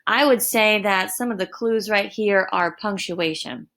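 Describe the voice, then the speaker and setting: A woman teacher giving a recorded lesson, explaining deliberately with emphatic examples. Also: medium pitch, fairly bright tone. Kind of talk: recorded distance-learning lesson. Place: home.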